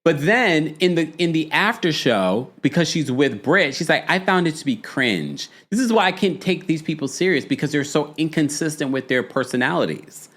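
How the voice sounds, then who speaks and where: A man's voice: on the high side, animated, moderate pace, few pauses, a bit bright. A man hosting a casual commentary show, reading viewer messages aloud and reacting with laughs. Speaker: host.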